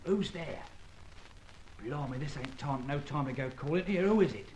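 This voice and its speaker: A man's voice: a little high, expressive, normal speed, darkish tone, a little hiss or hum, close to an everyday voice. A man playing a chirpy Cockney ex-safecracker. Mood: wary. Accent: London Cockney. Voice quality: chirpy working-class patter. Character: cockney ex-safecracker, cheerful and loyal. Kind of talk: 1940s radio drama acting.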